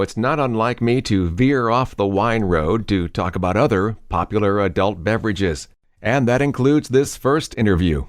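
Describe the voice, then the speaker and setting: A man hosting a podcast, narrating scripted introductions in a measured way and asking interview questions. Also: medium pitch, dry recording, studio quality. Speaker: podcast host.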